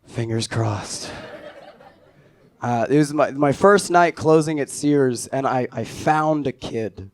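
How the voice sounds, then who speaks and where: A young man doing stand-up, telling a story with dry, offhand delivery that drops low and quiet on the punchlines. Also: unhurried, hardly any pauses. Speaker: stand-up comedian.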